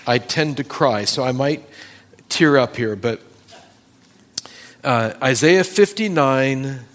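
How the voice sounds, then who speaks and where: A man preaching a sermon as pastor, emphatic and deliberate, acting out Bible scenes with dramatic pauses. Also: medium pitch, animated, a bit bright. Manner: emphatic, acts out Bible scenes in changing voices.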